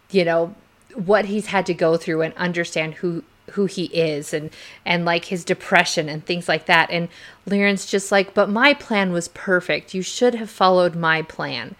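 A woman co-hosting a podcast, chatting casually about a book and retelling scenes with excited, acted-out quotes. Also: fairly low pitch. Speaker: podcast co-host.

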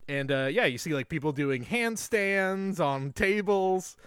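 A man's voice: high-pitched, animated, measured pace, fairly bright tone, smooth, no room sound, studio quality. A man co-hosting a casual film podcast, recapping the plot and laughing often. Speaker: podcast co-host.

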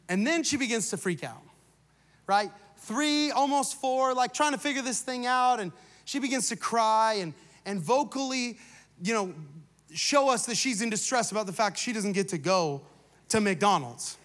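High-voiced preaching man in his thirties. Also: fairly quick, long reverb tail. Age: 30s. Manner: animated storytelling, swings between loud preaching and quiet asides. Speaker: pastor. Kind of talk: sermon with personal story. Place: church.

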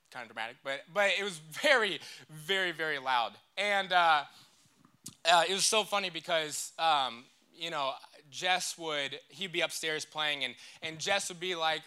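A man's voice: a little high, pushed and bright, smooth. A young man giving a casual, joking sermon in church and leading the crowd in call-and-response. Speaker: church speaker.

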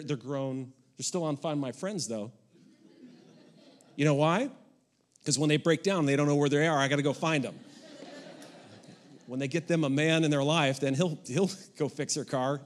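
A middle-aged man preaching a sermon, in a folksy, emphatic way. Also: a little high. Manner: folksy and emphatic, with rising and falling intensity. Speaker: pastor.

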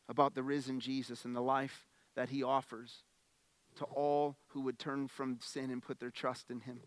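A man preaching a sermon as pastor, earnest and emphatic, often repeating his first words and swinging between hushed lines and loud, driving ones. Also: mid-range voice, flat delivery, measured pace, no room sound.

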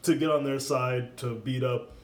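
A man's voice: mid-range voice, normal speed. Giggly man recapping a movie, roomy sound. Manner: laughs often, animated recapping. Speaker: podcast co-host. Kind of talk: casual movie chat.

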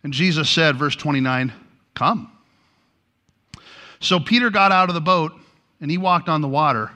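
A pastor preaching a sermon, telling a story with lively energy and acting out the lines he quotes. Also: mid-range voice.

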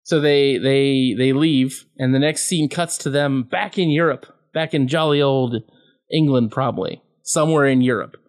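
A man's voice: medium pitch, normal speed. A man co-hosting a podcast, recapping a movie in casual, sarcastic, profane chat and laughing often. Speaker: podcast co-host.

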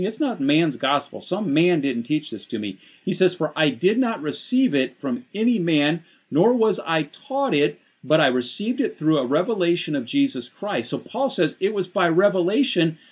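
A man's voice: medium pitch, slightly rough. A man teaching from the Bible to viewers on a livestream, earnest and often repeating words as he presses a point. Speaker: pastor.

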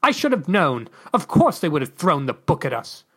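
A podcast reader voicing a fussy male alien ambassador in a high, theatrical, drawn-out voice. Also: very animated, fairly bright tone, husky. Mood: lecturing. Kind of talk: podcast story reading.

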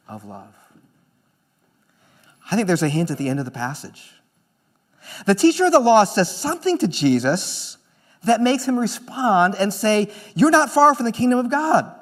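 High-voiced preaching man. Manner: earnest preaching, swings between emphatic and hushed. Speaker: pastor. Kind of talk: sermon.

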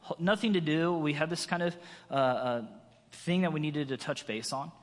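Storytelling preacher man, slightly high voice. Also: moderate pace. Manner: storytelling, acts out quotes with raised voice. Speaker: guest preacher. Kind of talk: sermon. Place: church sanctuary. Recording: long reverb of a large hall.

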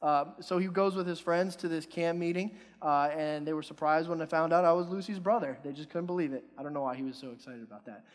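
A man from Pennsylvania preaching a sermon, animated and quizzing the congregation, swinging from soft to loud. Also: on the high side, fast talker, few pauses. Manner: animated, rising and falling in loudness, asks the congregation questions. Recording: long hall reverb.

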